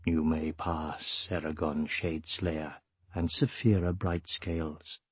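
A deep, calm ancient spirit, put on by a male narrator, speaks slowly and softly, the voice dropped far below the reader's own. It has a husky grain and sounds close and dry, with no room around it. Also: no echo, exaggerated voice. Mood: serene. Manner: slow, calm and soft.

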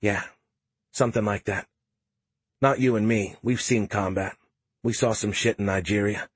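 A man's voice: fairly low pitch, fairly even intonation, normal speed, slightly rough, no room sound. A man reading the part of a tough, frank young woman soldier in an audiobook, with little change from his own voice. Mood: blunt. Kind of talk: audiobook character voice.

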